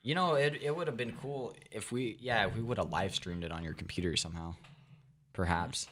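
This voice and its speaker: A man's voice: fairly low pitch, a little fast, a bit bright. A man in casual podcast chat, hesitant, restarting and repeating words with many fillers.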